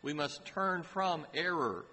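A man preaching a sermon in a slow, deliberate way, lifting his voice to stress key phrases. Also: a little high, sharp tone. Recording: hall reverb with faint ambient noise.

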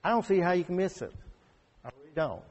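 A man preaching a conversational sermon. He rises to emphatic peaks and drops to quiet asides. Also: sits high, lively intonation, quick pace. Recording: long hall reverb.

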